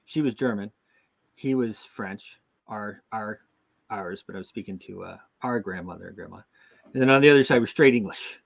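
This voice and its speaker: A man's voice: fairly low pitch, normal speed, vocal fry. A middle-aged man from the United States hosting a casual talk show, rambling with many restarts and fillers. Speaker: show host. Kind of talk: casual chat.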